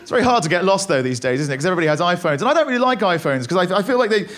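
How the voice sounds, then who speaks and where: A young man doing a stand-up comedy set on a club stage, wry and self-deprecating with quick asides. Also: high voice, sing-song, a crowd in the background.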